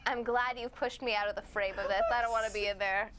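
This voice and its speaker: A woman's voice: on the high side, steady tone, fast talker, background noise. A woman co-hosting a game livestream, dryly teasing and reading chat comments aloud. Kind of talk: casual livestream banter.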